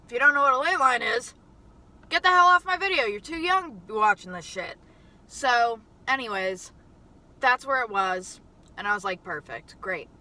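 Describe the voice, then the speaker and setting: A woman in her twenties telling a story in a chatty, profane, animated way in a casual vlog. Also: fairly high pitch, moderate pace. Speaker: mukbang vlogger.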